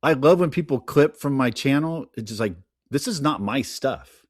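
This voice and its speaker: A man's voice: mid-range voice, animated, moderate pace, dry recording, clean studio sound. A man chatting as a podcast guest, telling film trivia with enthusiasm. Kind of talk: casual chat.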